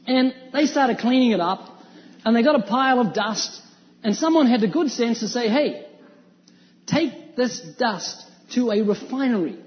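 A man from New Zealand preaching a sermon in an animated way, quoting scripture and acting out the voices of people in his stories. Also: very high-pitched, moderate pace. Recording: dull sound with long hall reverb.

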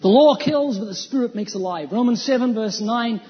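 A man's voice: extremely high pitch, normal speed. A man preaching an evangelistic sermon, emphatic and full of rhetorical questions. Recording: dull lo-fi sound with long hall reverb.

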